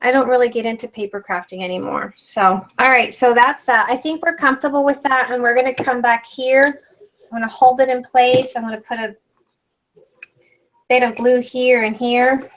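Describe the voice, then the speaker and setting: A woman's voice: fairly high pitch, steady tone, moderate pace, highs cut off. A woman hosting a live craft demonstration, chatting casually as she explains each step. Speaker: craft tutorial host.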